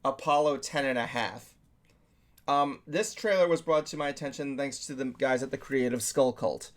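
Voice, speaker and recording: A man's voice: mid-range voice, normal speed. A man hosting a casual nerdy talk show, rambling and often stumbling over his words as he talks through movie trailers. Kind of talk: casual chat.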